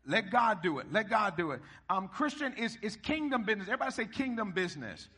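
Man, middle-aged, sermon, call-and-response preaching, high voice, husky. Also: very animated, quick pace, pushed and bright. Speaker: pastor. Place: church hall before a congregation.

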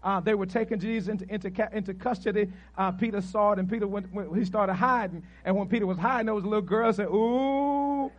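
A man preaching a sermon as pastor, telling a story with animated asides and repeated praise refrains. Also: high-pitched, quick pace, few pauses, lo-fi sound.

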